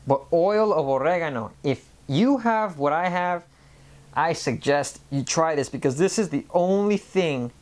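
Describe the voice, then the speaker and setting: Rambling vlogger full of restarts. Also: mid-range voice. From Mexican family background. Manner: rambling, many restarts and repeated words. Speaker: health vlogger. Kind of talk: casual vlog monologue.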